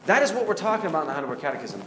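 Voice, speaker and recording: A male pastor races through a conversational, confessional sermon, firing rhetorical questions at his congregation in a slightly high, very animated voice. The recording comes from an echoey hall with background noise.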